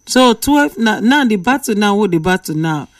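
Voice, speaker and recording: A woman's voice: mid-range voice, animated, normal speed, no room sound, studio quality, recorded from a distance. A Nigerian woman hosting a late-night radio call-in, playfully reading out listener messages and bantering with callers.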